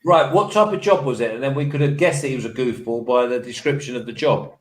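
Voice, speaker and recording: A man's voice: mid-range voice, fast talker. Teasing British man in an echoey room. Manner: teasing, excitable reactions to the game. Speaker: sports betting show co-host. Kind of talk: casual live-stream banter.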